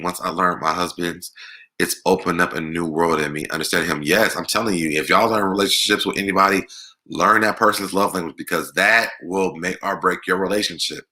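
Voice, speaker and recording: A man's voice: deep voice, bright, forceful tone. A young man hosting a livestream, reading viewer comments aloud and answering them in a chatty, laughing way. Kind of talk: casual chat.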